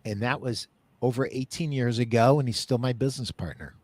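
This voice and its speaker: A man hosting a podcast interview, telling stories in a casual, animated way and laughing easily. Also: medium pitch, a little fast, dry recording. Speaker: podcast host.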